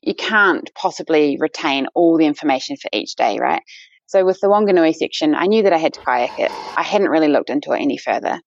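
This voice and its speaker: A woman's voice: low voice, lively intonation, brisk, vocal fry, a little hiss or hum. A woman with a New Zealand accent, a guest in a casual interview, chatty with many fillers and restarts. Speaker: guest, endurance runner. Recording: dull lo-fi dry sound.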